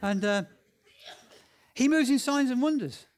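A man telling stories in a sermon, animated and excitable, with lots of restarts and repeated words. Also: extremely high pitch, measured pace. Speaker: preacher. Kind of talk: sermon storytelling.

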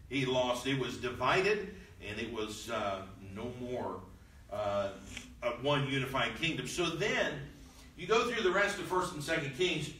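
Teaching a Bible lesson in a church room, a man reads out old scripture and then explains it in casual, everyday talk. His voice is on the high side, pushed and bright. The room is echoey and the mic sits at a distance.

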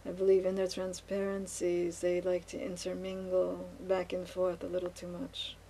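Woman vlogger, gravelly low voice, flat delivery, halting with fillers and restarts, faint hiss behind. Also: poor audio. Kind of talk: rambling casual monologue while painting.

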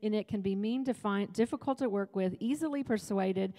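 Speaking at medium pitch with a warm tone and a slightly quick pace, a woman delivers a sermon in a large church hall. It's a women's retreat, and her preaching is relaxed and humorous, with plenty of asides and banter with the crowd.

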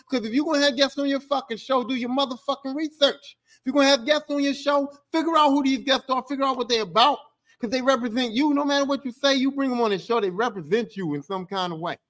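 Hosting a podcast by himself, a man with an extremely high-pitched, fairly bright voice delivers a furious rant, profane and repetitive.

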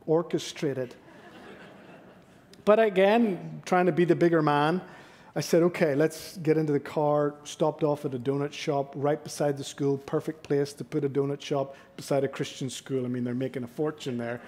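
A man's voice: a little high, a little mellow. A middle-aged man preaching a sermon in church, telling personal stories in a self-deprecating, confessional way. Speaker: guest preacher. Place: church sanctuary.

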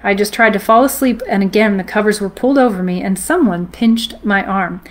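Woman reading a ghost story aloud. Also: medium pitch. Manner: steady, measured storytelling read from a book. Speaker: host.

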